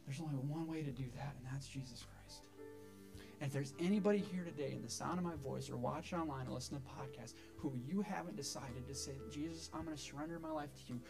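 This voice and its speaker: A man's voice: mid-range voice, fast talker, gravelly, music in the background. A man preaching as a pastor to his church, earnest, often repeating words as he stresses a point. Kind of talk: sermon. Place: church sanctuary.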